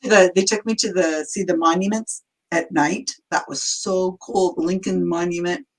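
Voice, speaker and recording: A woman's voice: lowish voice, steady tone, normal speed, rough recording. A woman guesting on a podcast, talking enthusiastically in a rambling way with lots of fillers. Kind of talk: casual chat.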